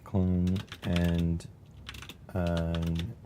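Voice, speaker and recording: A man streaming live, chatting casually and musing aloud in a wry, unhurried way as he types. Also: deep voice, monotone, mellow, a little hiss or hum. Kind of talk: casual live-stream chat while typing.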